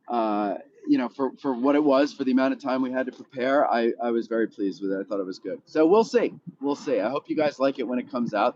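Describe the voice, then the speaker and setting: Man, live-stream host, morning voice, casual rambling chat, in a car, mid pitch, muffled lo-fi sound. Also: a little mellow, slight background noise. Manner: easygoing and rambling, talks straight to viewers. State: still has his morning voice. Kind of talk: casual live-stream chat while driving, answering viewer comments.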